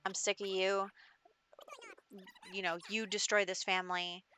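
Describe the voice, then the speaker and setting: A woman's voice: medium pitch, little pitch movement, unhurried, bright, forceful tone, a little hiss or hum. Woman voicing a betrayed, furious wife. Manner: blunt and accusing, delivered as narrated quotes. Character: betrayed wife Sim, furious at her cheating husband.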